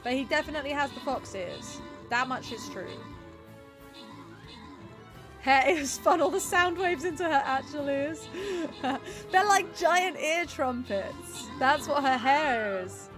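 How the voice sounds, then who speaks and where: A young British woman chatting her way through a game stream, playful and prone to giggles. Her voice sits high and swings widely up and down as she jokes with her chat. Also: animated, unhurried, few pauses, music in the background. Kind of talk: casual game livestream chat.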